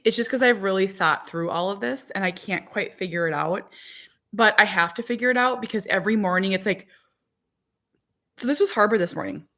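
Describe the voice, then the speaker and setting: A woman in her 40s, a vlogger with four kids, rambles in casual chat to live viewers, peppering her talk with "like". She speaks fairly quickly in a mid-range voice that sounds pushed and bright.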